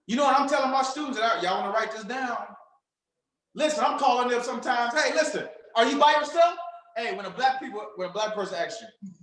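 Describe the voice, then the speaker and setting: A man with a strikingly high voice leads a fired-up sales seminar. He preaches and shouts to his team and acts out phone calls as he goes. The room rings with echo. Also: fast. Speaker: sales trainer speaking to a team. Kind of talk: hyped motivational seminar talk.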